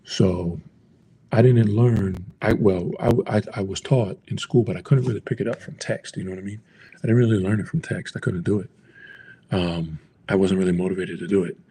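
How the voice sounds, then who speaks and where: A man's voice: lowish voice, creaky, warm tone, a little hiss or hum. A man from the United States talking casually, teaching travel Spanish phrases and rambling with lots of fillers. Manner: rambling, lots of "like" and "you know". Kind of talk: casual talk to camera.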